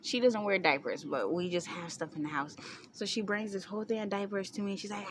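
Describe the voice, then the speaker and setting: A woman's voice: mid-range voice, a little fast, a little hiss or hum. A young woman vlogger casually telling a story to the camera, chatty, with frequent laughter. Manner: chatty, laughing often, many fillers.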